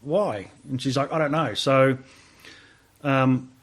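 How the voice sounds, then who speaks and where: A man's voice: medium pitch, takes it slowly. An Australian man, a veteran guest on a podcast, telling a story casually, acting out the dialogue and swearing freely. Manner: swears freely, animated retelling with quoted dialogue.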